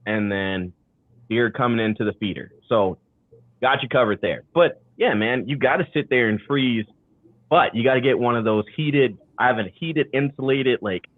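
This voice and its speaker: A male host bantering playfully over a video call. The sound is narrow and tinny like a phone line, and dead dry. His pitch sits in the middle. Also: normal speed, no room sound. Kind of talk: casual chat.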